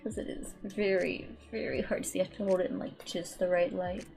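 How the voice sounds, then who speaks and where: A young woman with a slightly low voice chats her way through a painting stream, rambling and restarting her sentences. Faint music plays softly behind her. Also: little pitch movement, brisk, creaky. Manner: rambling and chatty, many "like"s and restarts. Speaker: VTuber streamer. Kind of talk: casual chat while painting on stream.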